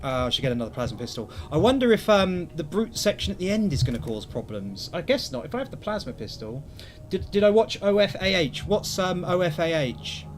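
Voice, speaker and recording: A young man with a high-pitched voice chats and rambles casually while streaming a game, teasing himself along the way. His pitch swings a lot, his pace is a little fast, and there's slight hiss or hum.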